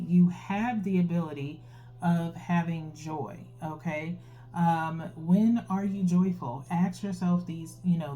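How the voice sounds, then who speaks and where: A woman's voice: on the low side, warm tone. A woman giving a casual tarot reading, chatty and explaining, who keeps tagging her sentences with a questioning "okay?". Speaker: tarot reader. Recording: faint instrumental music behind.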